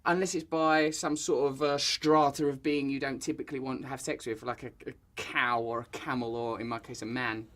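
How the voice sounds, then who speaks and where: A man's voice: medium pitch, steady tone, fairly quick, few pauses, a bit bright. A man chatting playfully and wordily as a talk show guest.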